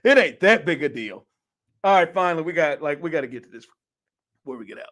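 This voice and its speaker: A man hosting a casual sports talk show, animated and incredulous, laughing often and packing his talk with fillers. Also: a little high, fast talker. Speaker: podcast host.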